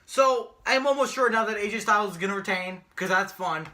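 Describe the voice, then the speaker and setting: A young man co-hosting a casual wrestling predictions podcast, ranting and cursing, rising into shouts when angry. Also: high-pitched, brisk. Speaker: podcast co-host.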